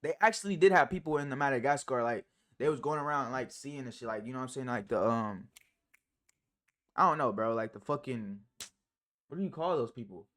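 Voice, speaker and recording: A man streaming live and reacting to clips in casual chat, slangy and profane, rambling with many fillers and big jumps in pitch and loudness. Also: animated, a little fast.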